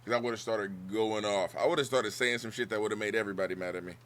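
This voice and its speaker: A man's voice: fairly low pitch, fairly even intonation, fast talker, fairly bright tone. A man hosting a livestream chat with a guest, joking around, swearing freely and laughing often.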